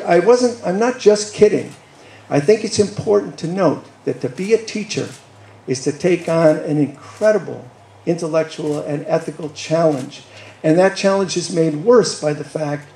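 An older man in his sixties speaks to a college audience with a gravelly, slightly raised voice and a mellow, dark tone. He lectures in a wry, teasing way, then turns earnest. The sound carries the echo of a large room. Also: a little high, moderate pace, a little hiss or hum. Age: 60s. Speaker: guest speaker. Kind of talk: public lecture.

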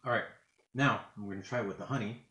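Recording a casual food vlog in his home kitchen, a man eats and talks at a quick pace, rambling and faltering with many fillers. His fairly low voice sounds pushed and bright, and the room is echoey.

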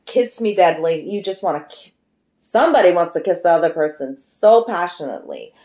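A woman's voice: lowish voice, big pitch swings, a little fast, a little mellow, slight background noise. A middle-aged woman giving a casual, emotive tarot card reading, chatty and loose, swearing freely. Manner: chatty and emotive, breaks into singing. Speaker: tarot reader.

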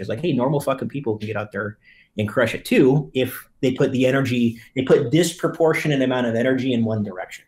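A man's voice: mid-range voice, fast talker, darkish tone. A man, a real estate team leader, talking bluntly and profanely as a podcast guest about hard work. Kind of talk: casual podcast chat.

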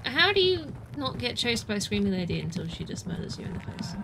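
Excitable high-voiced woman streaming a game. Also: fairly quick. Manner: chatty, self-narrating, excitable yelps. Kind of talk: live gameplay commentary. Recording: background noise under voice.

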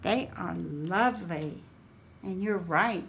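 A woman's voice: medium pitch, slow pace, a little hiss or hum. A woman, hosting a craft channel and chatting casually as she unboxes a gift, exclaiming over each item.

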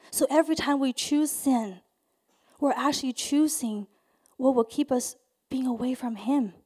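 A young adult woman pastor preaching a sermon, earnest and soft in prayerful passages, lively and loud when telling stories. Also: sits high, husky. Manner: storytelling, gets loud and animated in anecdotes.

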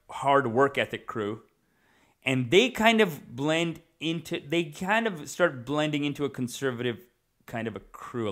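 A male stand-up comedian delivering a rambling comic monologue in a casual, animated way, digressing often and swearing freely. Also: medium pitch.

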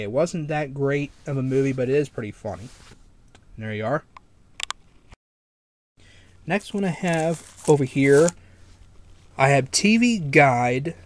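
A man casually showing his collection, talking in a rambling, easygoing way. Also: mid-range voice. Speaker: vlogger. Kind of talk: casual show-and-tell.

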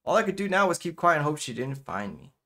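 A man reading a game's first-person narration as a nervous young man hiding, quick and raised. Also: a little high, big pitch swings, a bit bright, pitched above the performer's own voice.

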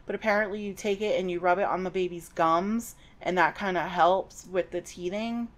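A woman's voice: lowish voice, fairly even intonation, moderate pace. Chatty middle-aged woman recapping a book. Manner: chatty and digressive, with personal asides. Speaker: podcast host recapping a novel.

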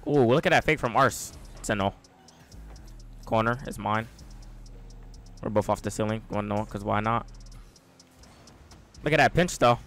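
A man giving live commentary while playing a game, talking in short bursts with sudden loud yells. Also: fairly low pitch, moderate pace, pauses often, faint music behind. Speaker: gaming YouTuber.

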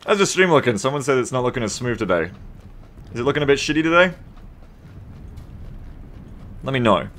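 An Australian man streams a game live and talks straight to his chat. His banter is profane and sarcastic, and his voice has a bright, forceful edge with a lot of rise and fall. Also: medium pitch, sing-song, brisk, long pauses. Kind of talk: live gameplay stream chatting with viewers.

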